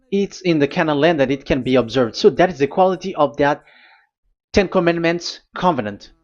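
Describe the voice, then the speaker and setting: A man preaching a teaching sermon at a board, pausing and repeating himself as he explains. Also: a little high, darkish tone, lo-fi sound. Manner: halting, repeats words, talks to a technician.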